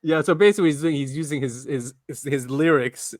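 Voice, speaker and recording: A man's voice: a little high, a little fast, no echo. A man co-hosting a podcast in casual, rambling chat, often laughing. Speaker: podcast co-host.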